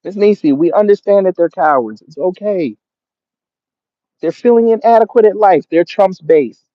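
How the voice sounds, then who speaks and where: A man of Jamaican background hosts a casual livestream, mocking the commenters in his chat with sarcasm. His voice sits on the high side for a man. The audio is dry and dull, like a lo-fi stream mic. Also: normal speed, no room sound. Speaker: livestream host.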